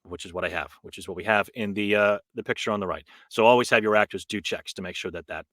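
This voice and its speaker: A man's voice: on the low side, quick pace, a bit bright, no room sound. Chatty male voice actor giving a talk. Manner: casual, chatty, with asides and self-deprecating laughs. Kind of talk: informal conference talk. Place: home recording booth.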